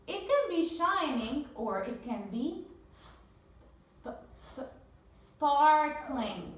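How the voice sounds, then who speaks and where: A woman teaching a phonics lesson to young children, with drawn-out, sing-song repetition drills. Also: high-pitched, far from the mic. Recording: very echoey room, voice from off-mic.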